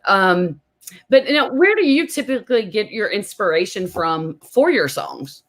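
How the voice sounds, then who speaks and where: A woman's voice: medium pitch, expressive, a little slow, fairly bright tone. A woman hosting an interview over a video call, enthusiastic and dotted with ums. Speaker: interview host. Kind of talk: casual interview chat.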